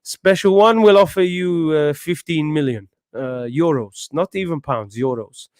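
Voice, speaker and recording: Guy doing a smug trolling football boss with a fake portuguese accent, lots of uhs, kinda high, dry. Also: no room sound, close to an everyday voice. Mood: smug, taunting. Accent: put-on Portuguese. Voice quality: halting, full of uhs. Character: smug middle-aged male football manager, trolling.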